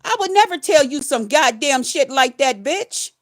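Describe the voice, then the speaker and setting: A woman with a high voice delivers an angry, profane rant straight to her viewers. She talks in a heated, emphatic way, piling on curses and insults. She works as a nurse and vlogs on the side. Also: lively intonation, moderate pace. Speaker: nurse and vlogger.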